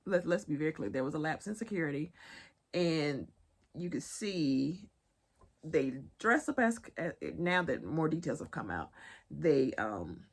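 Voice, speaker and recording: A woman's voice: sits low, sing-song, measured pace, breathy edge. A young adult woman with a Southern accent, chatting casually through a pop-culture news recap and talking straight to her viewers. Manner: chatty, laughing asides, addresses viewers as y'all. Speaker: vlogger.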